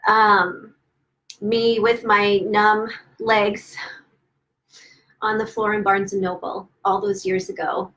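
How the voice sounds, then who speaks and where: A woman author on a livestream, emotional and close to tears, gushing with excitement and stumbling over her words as she celebrates her new book at home. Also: medium pitch, poor audio. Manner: gushing and excited, halting with restarts. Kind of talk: casual livestream chat. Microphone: phone or webcam livestream.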